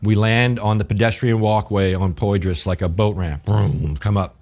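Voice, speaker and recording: Low-voiced New man telling stories. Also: fairly even intonation, moderate pace, darkish tone. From New Orleans, USA. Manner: vivid, profane storyteller acting out dialogue. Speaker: guest chef. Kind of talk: casual storytelling interview.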